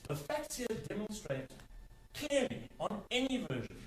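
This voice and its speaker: A man argues before the bench, leaning hard on key words and repeating them for stress. His pitch swings widely and sits a touch high. He is heard from a distance in an echoey courtroom with a faint hum behind. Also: very animated, measured pace. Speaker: advocate arguing before a court. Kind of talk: courtroom legal argument. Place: large courtroom.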